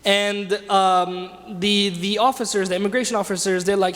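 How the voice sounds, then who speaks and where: A man's voice, high and level, moves briskly as he teaches a religious class. He narrates a story and puts questions to his students in a conversational way, the mosque hall adding reverb to the recording.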